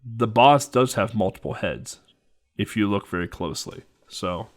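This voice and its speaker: Low-voiced man casually recapping a game. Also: moderate pace. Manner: rambling, many ums and restarts, explains game bosses. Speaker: podcast co-host. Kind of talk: casual chat.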